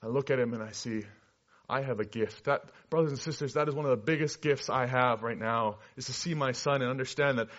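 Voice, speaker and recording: A man preaches a personal testimony as a missionary, earnest and storytelling. His voice is mid-pitched and swings between lively and hushed passages. The recording sounds dull and lo-fi. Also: husky. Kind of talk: sermon testimony.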